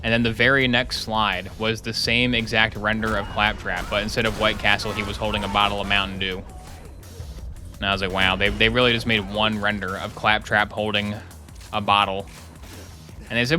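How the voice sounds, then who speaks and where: A man's voice: on the low side, steady tone, normal speed, pushed and bright, faint music behind. A young man streaming a game live, chatting casually and joking with his chat while he plays. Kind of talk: live gameplay commentary.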